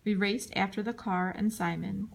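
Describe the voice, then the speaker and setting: A woman reading a chapter book aloud, in scripted narration, giving the dialogue lively voices and jumping high for the shouts. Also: normal speed, gravelly. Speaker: audiobook reader.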